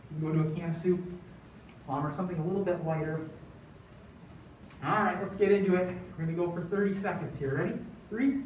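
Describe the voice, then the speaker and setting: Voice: mid-range voice, darkish tone, slight background noise. A fitness instructor coaching a home workout in an encouraging way, counting down between exercises. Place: large echoey room, broadcast workout. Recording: echoey room, distant dull mic.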